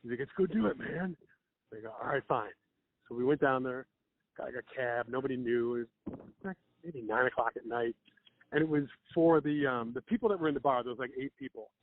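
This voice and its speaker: A man's voice: mid-range voice, fast, no echo. Man, comedian guest, rambling anecdotes, dry tinny phone-line sound. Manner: rambling anecdotes with laughs and acted-out quotes. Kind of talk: casual storytelling chat. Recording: phone-like narrow band.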